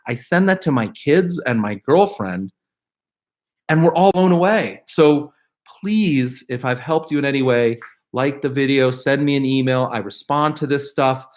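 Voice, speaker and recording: A man's voice: medium pitch, measured pace. Upbeat middle-aged man answering questions live. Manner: animated, upbeat, rambling with fillers and restarts; reads viewer questions aloud. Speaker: host answering viewer questions. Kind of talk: live Q&A casual chat.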